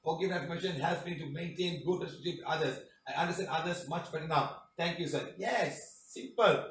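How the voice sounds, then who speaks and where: Malaysian English male healer, high-pitched, emphatic and preachy, miked from a distance in an echoey room. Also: fairly quick. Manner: emphatic, preachy, tag questions. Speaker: spiritual healing teacher. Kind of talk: reading and commenting on testimonials.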